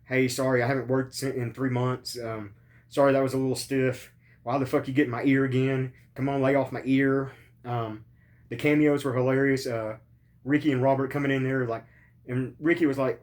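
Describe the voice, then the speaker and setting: A man's voice: medium pitch, fairly even intonation, normal speed. Rambling, sore man host in pain. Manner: rambling, profane, many ums and uhs. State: in pain after surgery. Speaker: podcast host. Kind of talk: casual podcast review.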